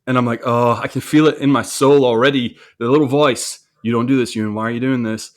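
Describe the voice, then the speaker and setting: In a medium-pitched, fairly even voice, a man briskly tells a story about a mistake he made. He's candid and self-reflective in this conversational storytelling, often restarting and repeating words.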